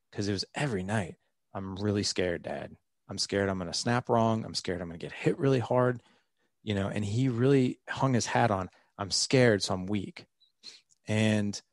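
Podcast guest, man, 40s, low gravelly voice, earnest and rambling with restarts. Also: darkish tone, dry recording, studio quality. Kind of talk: candid interview storytelling.

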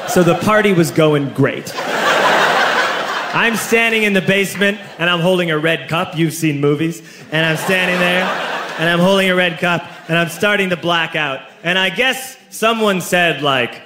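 A man in his thirties telling a stand-up story to a live audience, animated and bursting into fast excited stretches. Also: on the high side, background noise. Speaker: stand-up comedian. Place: comedy stage before a live audience. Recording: echoey live stage recording with laughing crowd.

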